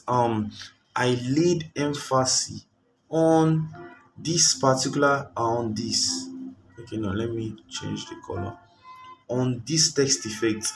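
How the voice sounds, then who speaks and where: A man's voice: mid-range voice, recorded from a distance. Rambling man teaching design, set back from mic. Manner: rambling, searches for words with frequent fillers. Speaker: graphic design tutor. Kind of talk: screen-recorded tutorial.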